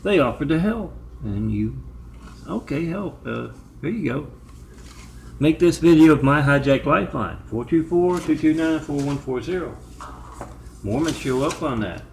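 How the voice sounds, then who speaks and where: A man's voice: fairly high pitch, lively intonation, moderate pace, a little mellow, slight background noise. A man talking in a long, digressive monologue, often stopping to spell out numbers and web addresses letter by letter. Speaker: video maker. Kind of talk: rambling monologue.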